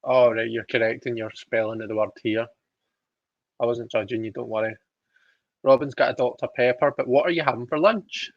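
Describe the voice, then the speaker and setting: A man's voice: mid-range voice, fairly even intonation, a little fast, no echo, dull audio. A man hosting a livestream, chatting casually, reading out viewer comments with giggly, self-deprecating asides. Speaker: livestream host reading tarot.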